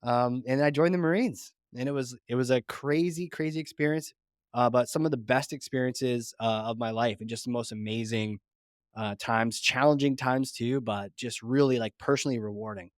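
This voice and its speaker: A man's voice: mid-range voice, normal speed, no echo, clean studio sound. A middle-aged man telling stories in a casual interview, acting out the voices of people he quotes. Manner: animated storyteller acting out quotes. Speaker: podcast guest, founder.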